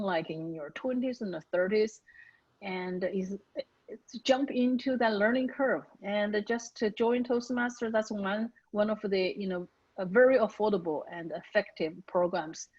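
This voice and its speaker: A woman's voice: medium pitch, no room sound. A woman hosting an interview, encouraging her listeners in an earnest way with many "you know"s and fillers. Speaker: host. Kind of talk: casual interview chat. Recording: dry, dull lo-fi recording.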